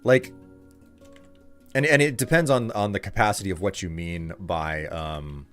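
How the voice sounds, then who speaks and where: A man with a fairly low voice chats casually with his viewers while streaming a game. He rambles, circling back with fillers and restarts. Soft music plays faintly beneath his talk. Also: a little slow. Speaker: live streamer.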